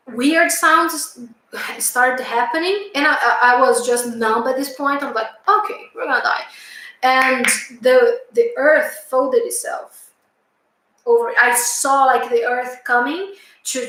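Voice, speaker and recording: High-voiced woman in an echoey room. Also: fairly bright tone. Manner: hesitant, lots of fillers and restarts, earnest. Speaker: channel host recounting a past-life memory. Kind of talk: casual storytelling.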